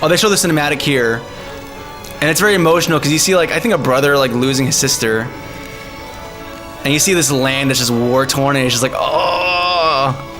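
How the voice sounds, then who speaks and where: A man's voice: fairly high pitch, brisk. A man streaming live and chatting casually, laughing often and calling people man and dude. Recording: faint music behind.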